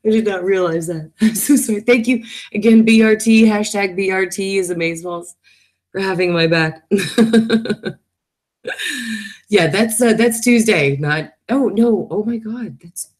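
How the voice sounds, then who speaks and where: A woman's voice: mid-range voice, a little slow, pauses often, a little mellow. A woman in her thirties hosting a casual live stream, chatting, reading viewer comments aloud and laughing often.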